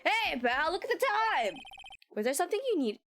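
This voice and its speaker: A woman's voice: very high voice, sing-song, a little fast, fairly bright tone, faint music behind, voice pushed up, full character voice. A woman reading the lines of a loyal, bumbling male police detective from a game, chummy and eager. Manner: eager and chummy, calls people pal. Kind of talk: reading game dialogue aloud.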